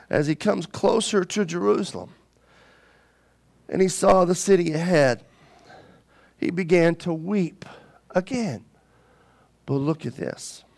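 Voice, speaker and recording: A man preaching a sermon, dramatic, swinging from loud excitement to hushed intensity. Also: medium pitch. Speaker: pastor.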